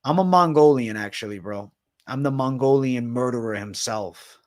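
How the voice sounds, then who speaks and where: Profane, slangy young streamer, says bro. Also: male voice, mid-range voice, moderate pace, darkish tone. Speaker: MMA livestream host. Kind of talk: casual livestream Q&A.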